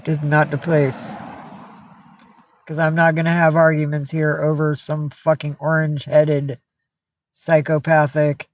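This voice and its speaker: A woman's voice: deep voice, no room sound. Chatty, profane woman live-streaming. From upstate New York. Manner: chatty, profane, reads out and answers chat comments, coos at her cats. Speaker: livestreamer. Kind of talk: casual live-stream chat.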